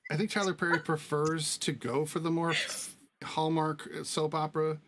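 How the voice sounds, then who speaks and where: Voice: mid-range voice, level tone, normal speed, over a noisy crowd. A film review panelist in casual chat, laid-back and joking.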